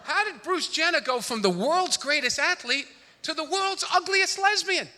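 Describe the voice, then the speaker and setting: A man doing a brash, rapid-fire stand-up comedy routine on a theater stage. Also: very high voice, animated, pushed and bright. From New York, the Bronx. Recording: live theater reverb, faint room noise.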